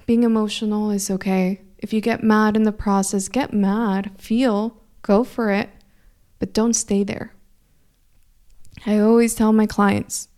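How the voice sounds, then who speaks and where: A young adult woman, a coach hosting a weekly inspirational talk, speaking in a gentle, encouraging, reflective way. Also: fairly high pitch, smooth. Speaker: spiritual coach host.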